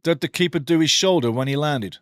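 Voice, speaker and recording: Brief: male watchalong host, excited play-by-play with low opinionated asides, fairly high voice, dry close mic. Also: fairly quick, clear, resonant tone, no echo. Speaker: watchalong host commentating a match. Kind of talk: live match commentary with chat replies.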